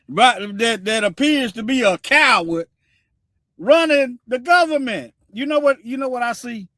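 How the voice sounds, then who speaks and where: Brief: male stream host, preachy and repetitive, sharp high voice. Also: dry recording, clean studio sound. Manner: preachy, repeats himself, animated. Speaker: livestream host. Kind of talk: casual commentary livestream.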